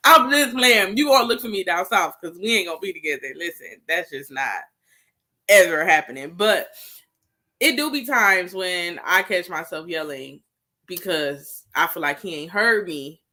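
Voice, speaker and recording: A young woman co-hosting a casual chat about marriage, candid and quick to laugh, talking straight to the viewers. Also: lowish voice, lively intonation, sharp tone. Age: young adult. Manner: candid, laughs often, talks to viewers as y'all. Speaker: co-host.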